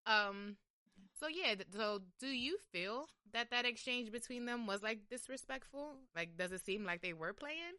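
A woman's voice: on the high side, lively intonation, moderate pace, bright, forceful tone, clear, resonant tone, no echo, clean studio sound. A woman hosting a podcast in casual chat, talking loosely with many fillers like "like" and "um". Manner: chatty, lots of "like" and "um". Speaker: podcast host.

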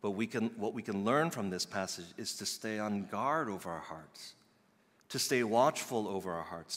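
A male pastor preaching a sermon in an earnest way, building to loud emphatic peaks and dropping soft again. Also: medium pitch. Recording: long reverb of a large hall.

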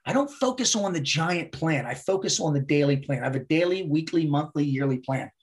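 A man's voice: on the high side, lively intonation, brisk. A man as a podcast guest talking casually, blunt and heavily profane, driving his points home with repetition. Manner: emphatic, repeats words for effect. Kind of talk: casual interview talk.

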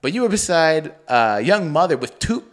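A man co-hosting a podcast, telling a story in a casual, profane, animated way and laughing often. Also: on the high side, moderate pace. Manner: animated, mimics his friend in a bouncy voice. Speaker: podcast co-host.

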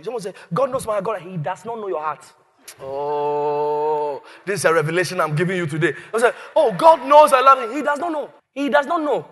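High-voiced preacher, echoing hall. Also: male voice. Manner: animated, shouting and laughing, acting out scenes. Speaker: pastor. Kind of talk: sermon. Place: church.

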